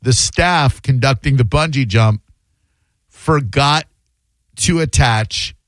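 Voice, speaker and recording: A man hosting a call-in radio talk show, casual and joking, talking in fast bursts. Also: mid-range voice, fairly bright tone, dry recording, clean studio sound. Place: radio studio. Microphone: studio mic.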